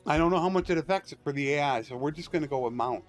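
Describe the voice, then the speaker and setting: A man's voice: on the high side, very fast. A man streaming a strategy game, explaining tactics and ranting with strong opinions in loose, rambling commentary. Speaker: gaming streamer. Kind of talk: casual live-stream commentary. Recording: dry close mic with faint music.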